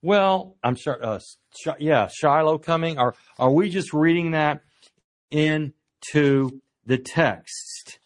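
A man preaching in an earnest, teacherly way. His voice sits a little higher than most men's. He slows down to lean on key words, fills pauses with uh, and puts rhetorical questions to his listeners. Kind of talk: sermon.

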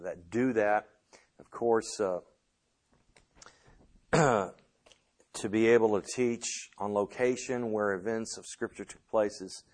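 A man teaching the Bible at an unhurried, deliberate pace, his voice sitting at an ordinary middle pitch. He speaks in a measured way, often pausing on small filler sounds as he gathers his points. He is teaching a lesson in a classroom with a board.

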